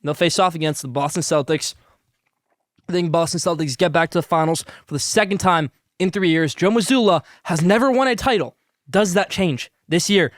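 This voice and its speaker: A man's voice: fairly high pitch, moderate pace, no room sound. Hyped male sports podcast host. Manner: hyped, salesy, talks with food in mouth. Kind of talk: sponsored hot-takes segment while eating.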